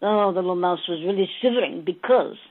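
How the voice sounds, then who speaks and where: Woman with a husky voice telling a slow spiritual story, sounds like a tinny phone line. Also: lowish voice. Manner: slow, storytelling, addressing listeners as beloved souls. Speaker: channeler. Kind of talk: channeled spiritual message with a fable.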